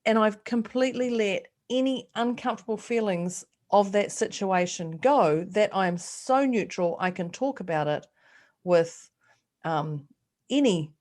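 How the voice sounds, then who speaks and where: A woman's voice: mid-range voice, measured pace. A woman co-hosting a podcast in casual chat, telling stories and acting out the voices she quotes. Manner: animated storyteller, acts out quoted voices. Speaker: podcast co-host.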